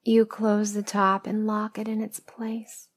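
A woman narrating a first-person story as a whispered role-play, in a slow, hushed storytelling manner. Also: medium pitch, monotone, husky. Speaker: erotic audio narrator.

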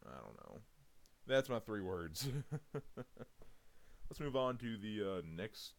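A man's voice: lowish voice, big pitch swings, slow, creaky. A man doing a casual audio reading challenge, rambling and chuckling between words. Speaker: audio content creator.

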